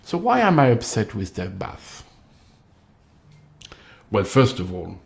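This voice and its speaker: A commentator speaks straight to camera in a monologue, his voice on the low side and gravelly, with an echoey room around him. He has a tinged delivery and is emphatic and accusatory, acting out the replies of other people.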